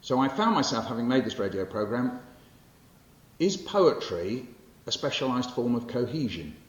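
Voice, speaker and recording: An English poet in his sixties gives a public lecture with poetry readings in a library hall, speaking in a mid-range, sing-song voice at a moderate pace. He's wry and conversational, with fillers and self-corrections; the recording is roomy and muffled with faint hiss.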